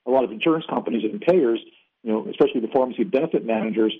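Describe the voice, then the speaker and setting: On a call-in line, a fast-talking man with a mid-range voice is interviewed as a former agency official. He speaks fluently about policy, often dropping "you know" as a filler.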